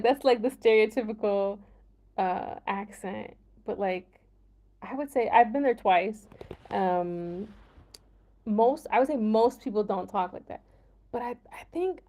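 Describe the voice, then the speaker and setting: A young woman from the American Midwest chats with her livestream viewers in a relaxed, rambling way. Her Midwestern accent is easy to hear, and her tone is mellow and warm. She laughs often and leans on "like" as filler. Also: mid-range voice. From United States, Midwest. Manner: chatty, laughs often, heavy use of "like". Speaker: livestream host. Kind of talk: casual livestream chat with viewers.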